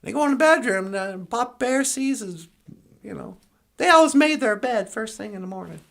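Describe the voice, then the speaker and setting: A woman's voice: fairly high pitch, expressive, normal speed, gravelly, fairly bright tone. A woman podcast co-host telling a fairy tale in a playful, rambling, casual way. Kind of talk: casual storytelling.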